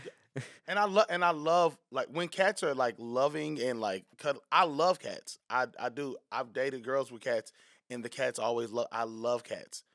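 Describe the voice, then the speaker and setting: A man and comedian chatting casually on a podcast, telling animated stories and acting out little voices. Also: medium pitch, moderate pace, dry recording, clean studio sound. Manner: animated storytelling, acts out voices.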